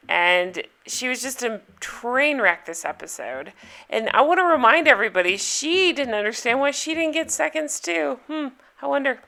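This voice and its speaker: A woman hosting her own recap show, talking casually through the episode in a sarcastic, gossipy, animated way. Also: a little high. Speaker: podcast host recapping reality TV.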